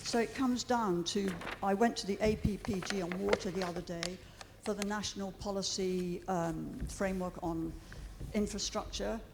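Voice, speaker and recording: A woman's voice: mid-range voice, fairly even intonation, normal speed, background noise. Woman, middle-aged, earnest public statement with hesitations, echoing chamber. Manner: earnest, hesitant with frequent ums. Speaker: water campaigner addressing a committee. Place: large meeting chamber.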